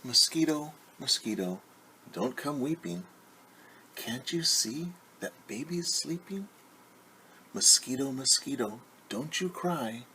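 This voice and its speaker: A man voicing a gentle mother who sings a soft, lilting lullaby to her baby in a storybook read-aloud. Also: medium pitch, animated, slow, slight background noise, voice pushed up. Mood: soothing, lilting.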